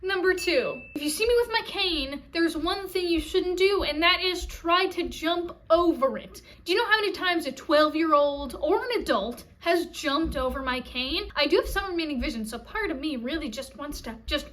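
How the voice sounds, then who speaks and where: High-voiced, blunt, sarcastic woman vlogger. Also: expressive, normal speed, few pauses, fairly bright tone. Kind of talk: casual vlog rant.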